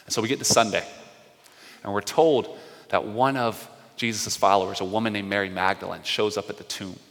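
Man, pastor, animated sermon storytelling, bright voice, reverberant hall. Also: fairly low pitch, a little fast. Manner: animated storytelling, acting out quotes.

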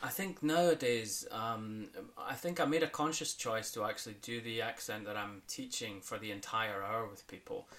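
A man's voice: lowish voice, normal speed, few pauses, a bit bright. A man from Scotland who works as an accent coach, chatting in a podcast interview, talking loosely with many fillers and restarts and laughing often.

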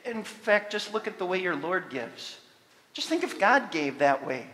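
A man preaching a sermon as pastor, animated and rising to loud emphasis on key points. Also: sits high, moderate pace, long reverb tail.

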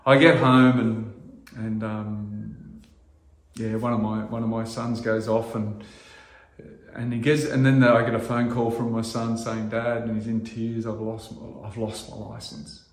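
A middle-aged man preaching a sermon as pastor, earnest and halting, restarting phrases and rising to loud emphasis. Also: on the low side, level tone, echoey room.

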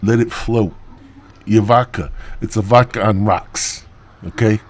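A man's voice: on the low side, fairly even intonation, measured pace, close to an everyday voice. A man voicing a self-important bartender who mumbles through missing teeth. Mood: smug. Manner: toothless mumbling speech. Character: gap-toothed male bartender, self-important.

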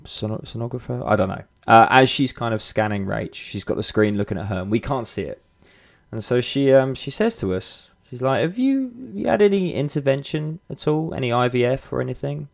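A man's voice: on the low side, gravelly. A man in his thirties, hosting a podcast, tells a personal story in a candid, casual way, with swearing, fillers and restarts. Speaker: podcast host.

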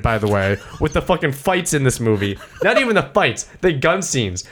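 A young man on a podcast rambles through a movie recap, swearing freely and piling up side notes. His voice sits a little high for a man. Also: slight background noise. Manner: rambling, animated, profane, full of side notes. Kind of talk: casual chat.

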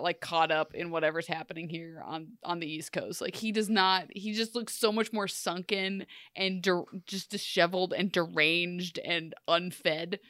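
A woman's voice: fairly low pitch, little pitch movement, a little slow, few pauses, a bit bright, dry recording, clean studio sound. A woman co-hosting a casual TV recap podcast, enthusiastic and opinionated, often laughing. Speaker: podcast co-host.

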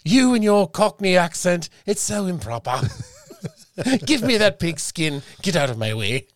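A fussy, pompous gentleman of a bygone era, as a man puts him on, speaking with prim affectation. His voice is lifted noticeably above his usual register and drawn out slowly. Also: high voice, very animated, no room sound, pitched above the performer's own voice. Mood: prim indignation. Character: prim, pompous old-time gentleman footballer, male. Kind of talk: comic improv bit.

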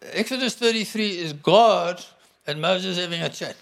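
High-voiced man preaching a sermon. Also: normal speed, vocal fry, fairly bright tone. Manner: conversational, declaring scripture with emphasis.

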